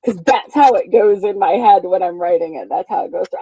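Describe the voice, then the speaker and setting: A woman's voice: medium pitch, a little fast, mellow, slightly rough, no echo, highs cut off. A woman in her thirties giving an emphatic, freely swearing motivational talk as a spiritual coach, laughing often.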